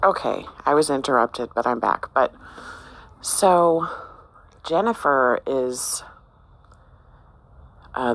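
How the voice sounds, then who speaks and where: A channel host with a mid-range, slightly bright voice casually tells viewers about a dream. The telling rambles and hesitates, full of fillers and restarts, as the host muses aloud about its meaning.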